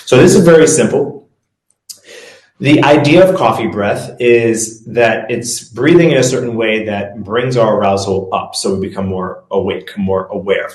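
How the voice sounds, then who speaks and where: Lowish-voiced man coaching in an echoey room. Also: unhurried. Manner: conversational, loose, with fillers and self-corrections. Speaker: mindset and performance coach. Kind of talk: casual presentation with guided breathing.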